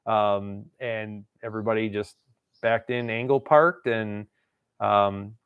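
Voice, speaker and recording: A man's voice: lowish voice, fairly even intonation, slow, smooth, no echo, phone-quality sound. A man hosting his channel, telling a long casual story with lots of laughs and acted-out quotes. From Wisconsin. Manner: rambling, laughs often, acts out quotes. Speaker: channel host.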